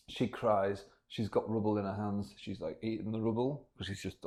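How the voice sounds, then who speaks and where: A man's voice: fairly low pitch, steady tone, normal speed, a little mellow. Playful man telling a silly story. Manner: playful, acting out characters in silly voices. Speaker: podcast co-host. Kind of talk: improvised comedy storytelling.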